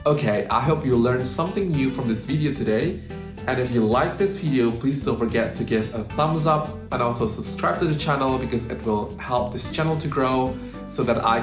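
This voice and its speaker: A man giving a pronunciation lesson, slowing down to demonstrate each sound. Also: mid-range voice, roomy sound, faint music behind. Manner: slow, exaggerated demonstration of sounds. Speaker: language teacher.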